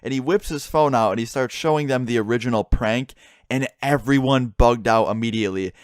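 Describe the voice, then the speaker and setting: A young man rattles through a story at a quick clip, in a voice of middling pitch that sits close and dry on the mic. He swears freely and slips into the voices of his friends as he retells it. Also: no room sound. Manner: swearing, animated retelling with quoted dialogue. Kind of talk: casual storytelling.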